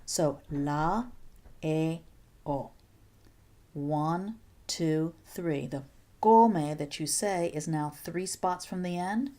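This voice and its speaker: Patient woman teaching, mellow and low. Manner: clear, patient explaining with playful asides. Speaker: Spanish teacher. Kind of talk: recorded video lesson.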